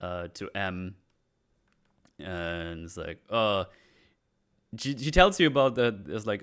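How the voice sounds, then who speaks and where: A man with a fairly low voice talks through a video game in casual podcast chat. He acts out the characters' lines as he retells scenes, his voice climbing high with mock outrage. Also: sing-song, measured pace, long pauses, fairly bright tone, smooth. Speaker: podcast host.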